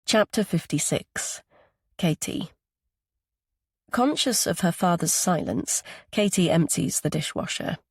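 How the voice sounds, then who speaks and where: A woman's voice: lowish voice, expressive, slow pace, slightly rough, no room sound, studio quality. A woman narrating a psychological thriller audiobook, giving each character its own voice.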